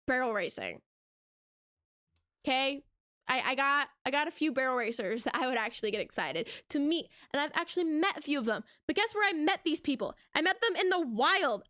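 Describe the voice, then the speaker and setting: Young woman with a high voice ranting on her channel, all sarcasm and rhetorical questions, super dry sound. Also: bright, forceful tone, no echo. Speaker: reaction channel host. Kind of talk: casual rant to camera.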